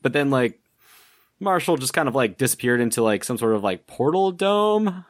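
A man recaps his game character in a rambling, halting way, full of fillers. His mid-pitched voice sounds dry and close to the mic. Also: animated, dry recording. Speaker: player. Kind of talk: casual podcast banter.

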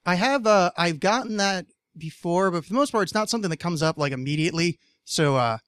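A man's voice: high-pitched, expressive, fairly quick, fairly bright tone, no room sound. A man from New Jersey hosting a casual podcast chat, rambling and profane, stammering through many restarts. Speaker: podcast host.

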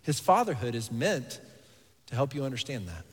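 A man in his thirties, a pastor preaching a sermon, earnest and animated, sometimes dropping to quiet intensity. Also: medium pitch, moderate pace, husky. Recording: long hall reverb.

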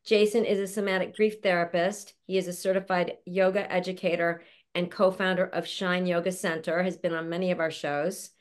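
A woman's voice: on the low side, little pitch movement, fairly quick, hardly any pauses. Chatty woman hosting a video call. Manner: warm, chatty and affectionate, laughs often. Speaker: show host introducing a panel. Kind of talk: casual chat.

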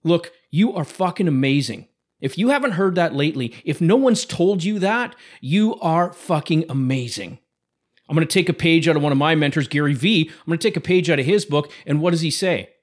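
A man's voice: on the high side, animated, fairly quick. A man hosting a podcast, giving a blunt motivational pep talk full of swearing. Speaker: podcast host. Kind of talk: motivational monologue.

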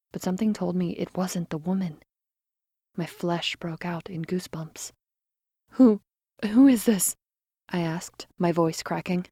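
A woman narrating a first-person story with dramatic, expressive delivery, dropping to a whisper in tense moments. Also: fairly low pitch, no room sound, clean studio sound.

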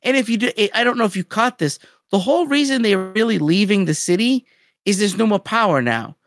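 A podcast co-host in casual chat, recapping a story in an animated way with lots of "like". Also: mid-range voice, brisk, dry recording, clean studio sound.

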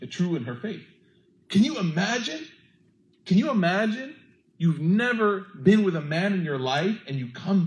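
A man giving a sermon, telling a story with animated, acted-out quotes. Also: fairly high pitch, roomy sound, low-quality recording. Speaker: preacher.

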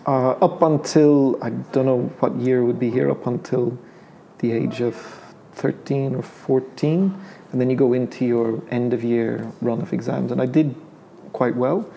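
A man's voice: mid-range voice, steady tone, measured pace, vocal fry, dark tone, dull audio, slight background noise. A middle-aged Irish man, his accent carrying an English lilt, talking casually about his life in an interview, hesitant and full of restarts. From Ireland. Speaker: painter being interviewed.

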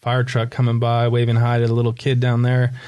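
A man presenting a children's book in conversation, describing its pages, laughing easily and guiding slow breathing. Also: medium pitch, clear, resonant tone, highs cut off. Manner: relaxed, laughs often, guides breathing. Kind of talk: reading a picture book aloud in a conversation.

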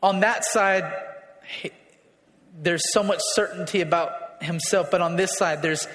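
A man preaching a sermon as pastor, emotional and rising to shouts. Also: sits high, fairly even intonation, unhurried. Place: church hall. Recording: echoey hall.

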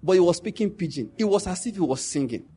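A middle-aged Nigerian man with a Nigerian accent telling stories in a casual monologue, animated and laughing as he jumps into quoted pidgin. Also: high-pitched, fast talker, slight background noise.

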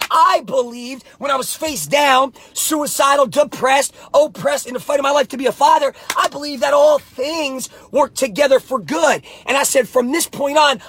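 A man with a very high voice delivers a fervent motivational pep talk straight to camera. He often shouts, hammers his slogans again and again, and calls the listener baby. The sound is close and dry, with no room around it. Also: no echo. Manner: repeats slogans emphatically. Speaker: life coach and motivational speaker.

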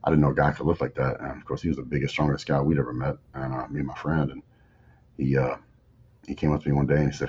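A man in his forties, a bodybuilder guest in an interview, telling stories in a relaxed drawl and acting out old conversations. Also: rumbling low, fast, slightly rough. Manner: laid-back drawl, acts out dialogue. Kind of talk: casual storytelling. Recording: slightly muffled audio, faint background noise.

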